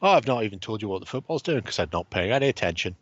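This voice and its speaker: A man's voice: lowish voice, very animated, rapid-fire, highs cut off, crowd noise. A man co-hosting a hobby live stream, rambling and swearing with frequent laughs in casual late-night chat.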